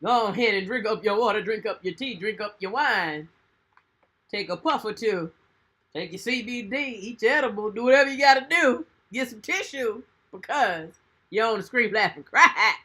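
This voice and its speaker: A woman with a husky, bright voice co-hosting a talk show. She chimes in with agreement and teasing asides in loose banter. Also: medium pitch, lively intonation, normal speed. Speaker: co-host.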